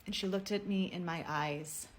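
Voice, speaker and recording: Earnest woman with a lowish voice. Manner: earnest, measured storytelling. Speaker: personal video speaker. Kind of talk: heartfelt personal message to camera.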